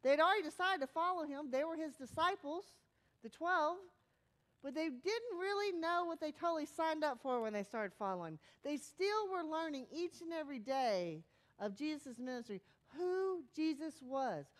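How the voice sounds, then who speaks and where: A woman pastor giving a sermon in a conversational, animated way, sometimes dropping to a hushed, soft tone. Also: high voice, normal speed.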